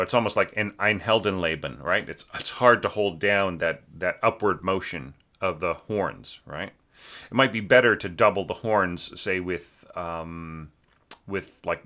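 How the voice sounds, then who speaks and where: A man's voice: sits low, sharp tone. A man teaching orchestration who talks through a student's score in a loose, conversational way, often with fillers, and sings phrases aloud to show how they should sound. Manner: sings musical phrases to illustrate, many fillers. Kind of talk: casual spoken critique.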